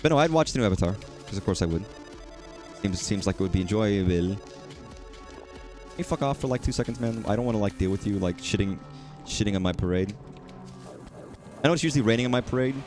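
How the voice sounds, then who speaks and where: A man's voice: lowish voice, expressive, quick pace, a little mellow, soft background music. A man chatting casually while streaming a game, rambling and swearing at enemies. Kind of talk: casual gaming commentary.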